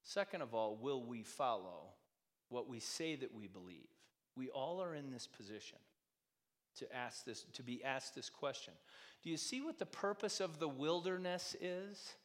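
A man's voice: medium pitch, lively intonation, normal speed. Preaching man in a reverberant hall. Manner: conversational preaching, rhetorical questions, swings loud and soft. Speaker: pastor. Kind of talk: sermon.

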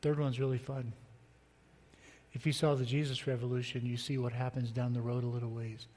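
A man's voice: medium pitch, level tone, a little fast, darkish tone. A middle-aged man preaching a sermon as pastor, conversational and joking with the congregation. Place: church sanctuary. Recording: long reverb of a church hall.

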